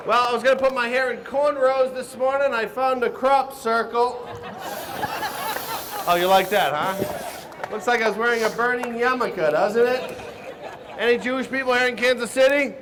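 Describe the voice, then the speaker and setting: A man's voice: very high-pitched, moderate pace. A man doing live stand-up comedy and hosting a cooking show, brashly teasing the audience between jokes. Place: outdoor stage at a crowded show. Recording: live crowd and hall noise.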